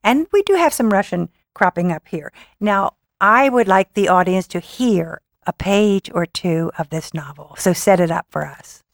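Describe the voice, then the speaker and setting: A woman's voice: mid-range voice, expressive, moderate pace, gravelly, hardly any pauses, dry recording, clean studio sound. A woman hosting an interview, introducing her guest in a formal, admiring way. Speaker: interview host.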